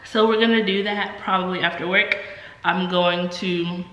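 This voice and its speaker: A woman's voice: on the low side, steady tone, normal speed, a bit bright, roomy sound, big-room sound, dull audio. A young woman in her twenties, stuffy and under the weather, chatting casually in a vlog with many ums and likes. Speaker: vlogger.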